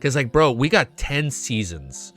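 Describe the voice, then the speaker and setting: An excitable young man chats on a casual live stream, swearing freely and saying "dude" a lot. His voice is bright and forward. Faint music plays quietly behind him. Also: mid-range voice, unhurried. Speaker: streamer reacting to a web novel.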